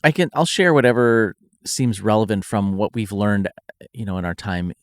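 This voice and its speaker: A man's voice: lowish voice, moderate pace, no room sound, clean studio sound. A man playing a tabletop game, talking in a hesitant way and laughing often. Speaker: player. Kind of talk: tabletop role-play.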